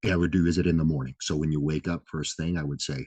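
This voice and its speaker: Speaking fast with hardly any pauses, this man has an extremely low, steady, slightly mellow and husky voice on a dry recording. As a health vlog host, he rambles casually through his advice with lots of fillers, repeated "right?" and casual swearing.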